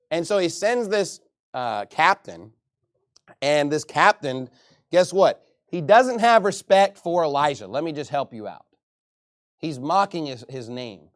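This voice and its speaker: A man's voice: fairly high pitch, lively intonation, normal speed, no echo. Fiery male pastor with a raised voice, mocking quoted people, preaching, dry close sound. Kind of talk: sermon.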